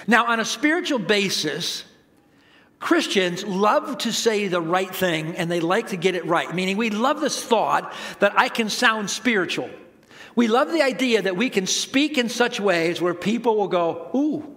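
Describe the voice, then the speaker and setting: A middle-aged man preaching a sermon, conversational and humorous, with sudden swings between loud emphasis and quiet asides. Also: high-pitched. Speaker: pastor.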